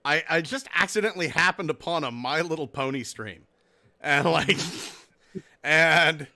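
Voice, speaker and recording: A man's voice: a little high, a little slow, bright, forceful tone. A man hosting a casual podcast, laughing and swearing as he chats with guests. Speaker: podcast host. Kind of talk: casual chat.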